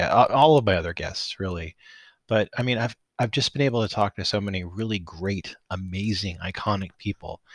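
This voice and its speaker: Gushing male podcast host, low voice. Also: a bit bright, dry recording. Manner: enthusiastic, gushing with many restarts. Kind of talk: casual podcast outro.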